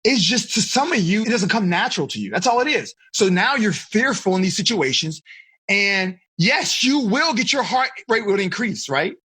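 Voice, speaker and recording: A man's voice: sits high, big pitch swings, normal speed, pushed and bright, breathy edge. A man teaching teenagers as a life coach, speaking animatedly over a video call and asking the group frequent questions.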